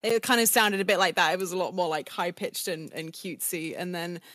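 A woman's voice: lowish voice, steady tone, brisk, fairly bright tone, no echo, clean studio sound. A woman of twenty-nine, a voice actor, chatting in a giggly way full of fillers. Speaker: voice actor guest. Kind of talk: casual interview chat.

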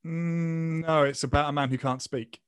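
A man's voice: a little high, steady tone, moderate pace, clean tone, dry recording, clean studio sound. A man hosting a casual podcast, playfully reading prompts and telling a long joke. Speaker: podcast host.

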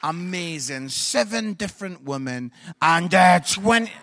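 A middle-aged man preaching a humorous sermon at a church service, telling comic stories and bursting into shouts. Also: high-pitched, animated, measured pace, a little hiss or hum.

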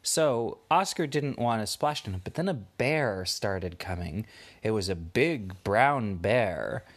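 Dad-style bedtime storyteller, man, unhurried, very expressive melody. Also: on the low side. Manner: slow, animated, playful voices. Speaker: parent telling a bedtime story.

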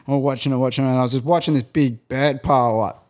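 A man's voice: medium pitch, steady tone, fast, darkish tone. A man telling a long story in casual chat, rambling and peppering his talk with fillers. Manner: rambling, heavy use of filler "like".

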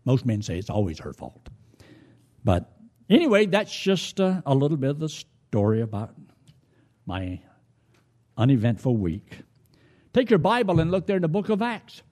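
An older man preaching a sermon in a folksy, storytelling manner, acting out conversations he has had. His voice is mellow and dark, with a slightly husky edge. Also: fairly low pitch. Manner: folksy, retells conversations in his own voice, with restarts. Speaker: pastor.

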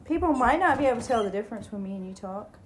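Giggly, lively woman in her late twenties. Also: on the high side, rapid-fire, slight background noise. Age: late 20s. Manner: giggly storyteller. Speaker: guest. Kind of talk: casual chat.

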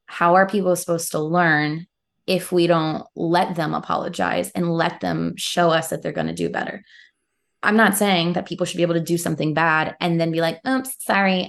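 A woman's voice: fairly low pitch, gravelly. A young woman, an actor and guest, talking earnestly in a casual podcast interview. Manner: earnest, quick bursts with laughs.

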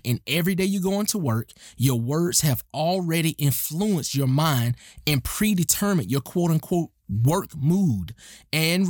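A man hosts a motivational podcast in a voice on the high side, recorded with studio quality and no echo. He talks earnestly and emphatically. He repeats his key lines for effect.

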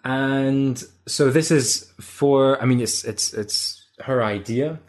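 A man hosting a relaxed podcast chat. He hesitates and trips over the first words of his sentences before getting going. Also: mid-range voice, takes it slowly. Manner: hesitant, repeats words when starting. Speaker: podcast host. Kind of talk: casual interview chat.

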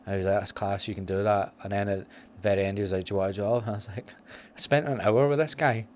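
A man's voice: fairly low pitch, steady tone, quick pace, darkish tone, slight background noise. A Scottish man hosting a podcast, telling stories in casual chat, laughing often and swearing freely. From Scotland. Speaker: podcast host.

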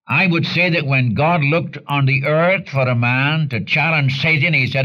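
A man's voice: moderate pace, few pauses. Guy preaching, blunt and earnest, voice leaps up when he hits a point, dull old lo-fi sound. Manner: earnest and blunt, with sudden rises in pitch for emphasis. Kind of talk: sermon.

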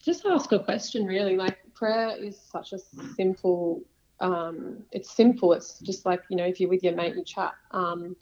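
A young adult woman, a podcast guest talking casually and earnestly about faith, rambling at times in quick bursts. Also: medium pitch, darkish tone. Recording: dull lo-fi sound.

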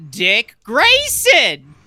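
Bright, teasing podcast joker. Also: male voice, very high voice, wildly swooping pitch, drawn-out words, no room sound. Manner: teasing, crude joker, stammering restarts. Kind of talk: casual chat.

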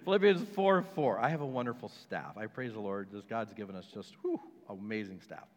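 A man's voice: fairly low pitch, animated, fairly quick. A man preaching a sermon as a pastor, emphatic and repetitive, with joking asides to the congregation. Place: church sanctuary. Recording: long hall reverb.

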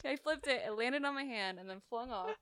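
A woman co-hosting a podcast in casual chat, playful and teasing, with quick reactions. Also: fairly high pitch, a bit bright, clean tone, dry recording, clean studio sound. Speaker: podcast co-host.

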